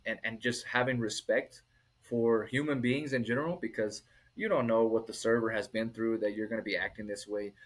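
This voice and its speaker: A man's voice: mid-range voice, poor audio. A middle-aged man, a restaurant owner, telling stories in a casual interview and acting out the people he quotes. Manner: animated, acts out quoted people.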